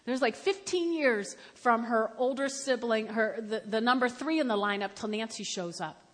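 A woman of about seventy preaching a sermon, telling stories and building to loud, emphatic exhortation. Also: a little high, normal speed. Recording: echoey hall with long reverb.

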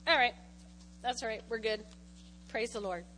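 High, bright-voiced woman preaching. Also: normal speed, a little hiss or hum. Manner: animated, calls on the congregation to respond. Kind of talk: sermon with scripture reading. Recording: long hall reverb.

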